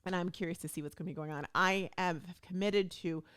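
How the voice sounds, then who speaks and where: A woman's voice: lowish voice, brisk, clean tone. A woman hosting her own podcast, talking casually and chattily, acting out what people said to her. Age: adult stepmom. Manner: chatty, animated, acts out quoted talk. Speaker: podcast host. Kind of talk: casual solo talk.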